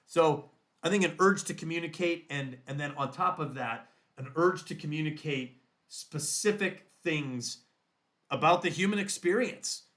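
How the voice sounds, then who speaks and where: Reflective higher-voiced male author. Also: measured pace, a bit bright. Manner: reflective, thinks aloud as he explains. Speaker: guest author. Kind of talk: podcast interview.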